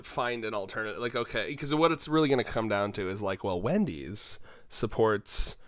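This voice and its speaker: A man's voice: fairly low pitch, moderate pace, dry recording, clean studio sound. Tired young man rambling casually. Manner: rambling, self-mocking, frequent restarts and swearing. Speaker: podcast co-host. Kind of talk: casual chat.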